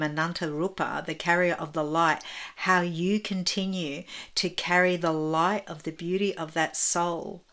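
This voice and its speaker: A woman interviewing a guest, asking long reflective questions slowly and gently with spiritual phrasing. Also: fairly low pitch.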